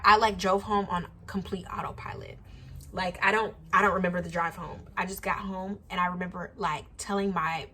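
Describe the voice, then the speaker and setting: A young woman in her twenties chatting to camera, telling a personal story with lively quoted voices. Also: medium pitch. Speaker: YouTuber. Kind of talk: casual storytime vlog. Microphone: camera mic, sitting to camera.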